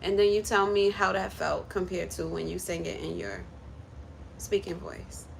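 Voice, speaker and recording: A woman's voice: on the low side, normal speed, gravelly, slight background noise. Chatty woman coaching a singing lesson. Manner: chatty, encouraging, coaching step by step. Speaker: content creator and vocal coach. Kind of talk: casual livestream chat with a mini singing lesson. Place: home kitchen while cooking.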